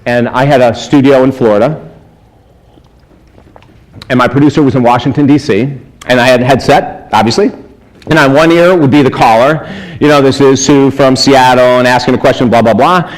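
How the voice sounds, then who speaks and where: A man giving a storytelling sermon as a spiritual speaker, animated, chuckling often and acting out the people in his stories. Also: medium pitch, normal speed, low-quality recording. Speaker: spiritual speaker and life coach. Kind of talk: storytelling sermon to a live audience.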